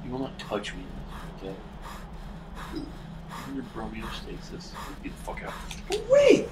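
A man giving casual gameplay commentary, rowdy and excitable, laughing and swearing a lot. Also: fairly low pitch, moderate pace. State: intoxicated. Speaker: let's play host. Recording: echoey room with loud noise.

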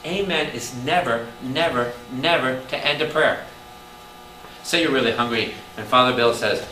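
A man, a Catholic priest, teaching a lively Bible study, firing questions at his listeners and breaking into loud exclamations. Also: mid-range voice, normal speed. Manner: animated, quizzes the audience with constant questions, bursts into loud exclamations. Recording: echoey room, distant mic, audible background noise.

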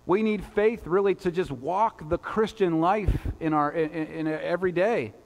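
A man with a fairly high voice preaches a sermon at normal speed in a church sanctuary, speaking conversationally and tossing rhetorical asides to the congregation. The recording has a long church reverb.

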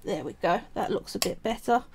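A woman's voice: mid-range voice, expressive, fairly quick, darkish tone, a little hiss or hum. A woman with a Cockney accent, talking chattily through a craft tutorial at home, thinking aloud as she works. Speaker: polymer clay crafter and streamer.

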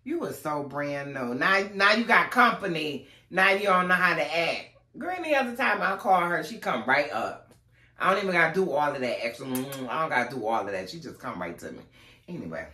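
A man's voice: a little high, lively intonation, a little fast, bright, forceful tone, roomy sound. A man chatting casually to camera at home as a lifestyle vlogger, rambling from one story to the next.

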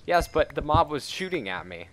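An excitable, teasing man gaming with friends. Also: a little high, moderate pace, slight background noise. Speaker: gamer. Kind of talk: casual gameplay chat.

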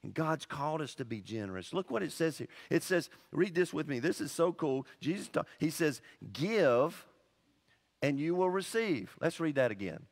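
A male pastor preaching a sermon in an animated, conversational way, full of asides and exclamations. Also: a little high, brisk, vocal fry, few pauses.

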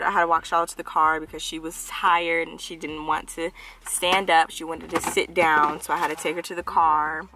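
A woman's voice: fairly low pitch, bright, forceful tone, a little hiss or hum. A woman in her thirties, a mother hosting a casual family vlog, chatty and teasing as she talks to the camera. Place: car and outdoors.

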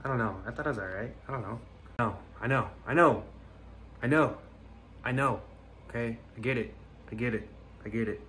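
A man's voice: medium pitch, a little fast, pauses often, bright, forceful tone, a little hiss or hum. A young man rambling through a comic monologue outdoors, mumbling and trailing off into near-whispers, mocking himself. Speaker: comedy video creator. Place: outdoors on a hike.

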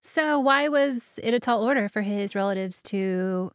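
A woman's voice: medium pitch, unhurried, clean tone, no room sound. A woman co-hosts a casual podcast and walks through the story from her notes. She laughs easily between facts, and her voice sits in a middle register. The sound is dry and close, with no room around it. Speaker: podcast co-host.

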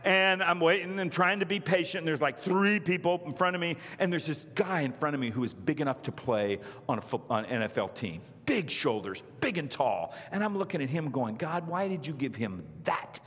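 A man's voice: on the high side, lively intonation, brisk, few pauses, a bit bright. A man preaching a storytelling sermon, acting out the voices of the people in his story. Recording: reverberant church hall.

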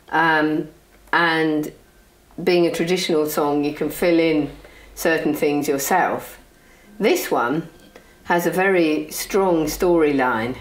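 A woman folk singer introducing a song at a concert, talking hesitantly with many pauses and ums. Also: lowish voice, echoey room. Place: concert venue.

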